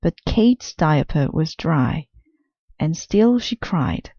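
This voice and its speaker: A woman reading a children's picture book aloud with slow, careful, clear storytelling. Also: low voice, very animated, dry recording, highs cut off.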